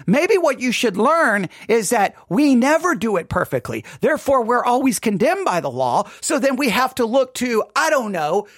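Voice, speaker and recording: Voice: medium pitch, big pitch swings, moderate pace, few pauses, a bit bright, dry recording, studio quality. A commentator reacting to a sermon clip with emotional, exasperated ranting and sarcastic mimicry.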